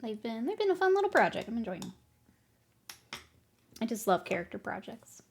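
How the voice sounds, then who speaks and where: A woman's voice: a little high, very animated, a little fast, gravelly, a little hiss or hum. Chatty woman streamer laughing with chat. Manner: chatty, laughs often, reads and answers chat while painting. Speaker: miniature painting streamer. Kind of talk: casual live-stream chat.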